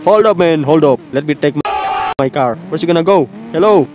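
A man giving casual, excitable commentary while playing a mobile game, exclaiming often and laughing at what happens. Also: a little high, brisk, background noise. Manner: excitable, exclaims often, calls the viewer bro.

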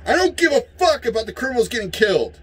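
High-voiced man in a profane rant. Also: very animated, fast talker, breathy edge, rough recording. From United States. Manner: heated, profane, yelling at times. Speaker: vlogger. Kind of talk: angry political rant.

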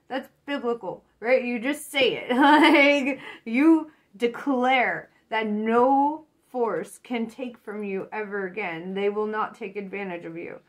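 A woman's voice: a little high, slow, hardly any pauses. A woman doing a casual tarot reading, swearing a lot, laughing often and getting fired up. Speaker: tarot reader.

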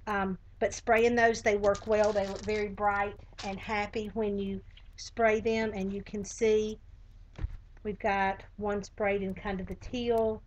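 A woman's voice: medium pitch, flat delivery, takes it slowly, slight background noise, poor audio. Chatty Southern woman demonstrating crafts. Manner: chatty, friendly, many fillers. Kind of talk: live craft tutorial.

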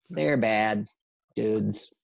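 A man guesting on a comedy podcast in casual chat, dry and hesitant, slipping in deadpan jokes. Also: on the low side, drawn-out words, creaky.

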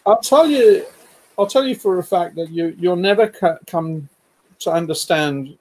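A man's voice: sits high, unhurried, darkish tone. A man telling a personal story in casual conversation, rambling with restarts, chuckling now and then and swearing.

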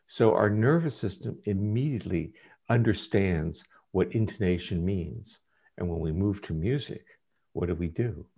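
A man, a guest scientist in an interview, giving measured, lecturing explanations. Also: deep voice, creaky, a little mellow, husky.

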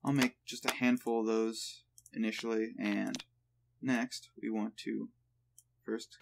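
A man hosting a let's play, thinking aloud in a relaxed way while he plays. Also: on the low side, slow, gravelly, a little hiss or hum. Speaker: gaming channel host.

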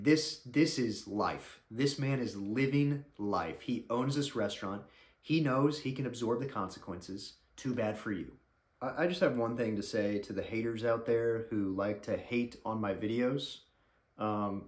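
A man's voice: on the low side, normal speed, roomy sound. An American man giving comedic commentary in a mock-serious, sarcastic, playful way. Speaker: YouTube commentator. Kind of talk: comedic commentary reading reviews.

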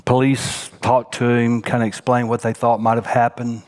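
A man preaching a sermon as senior pastor, dropping to a hushed near-whisper on tender points and rising in pitch as he tells a story. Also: completely flat delivery, moderate pace.

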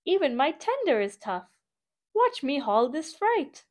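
A woman's voice: high voice, sing-song, a little slow, pitched above the performer's own voice. A woman voicing an eager young boy steam train who boasts in a bouncy way. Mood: boastful.

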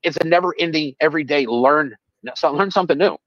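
A man's voice: fairly high pitch, fast talker, a bit bright, dry recording, dull audio. A man answering interview questions as a father, speaking earnestly and defensively, with emphatic statements.

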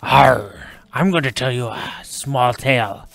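A man putting on a gravelly jolly pirate. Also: mid-range voice, takes it slowly, a bit bright. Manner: growls pirate yar and arr, tells rambling tales. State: throat getting scratchy. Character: boisterous male pirate from the prairies. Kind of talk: gameplay commentary.

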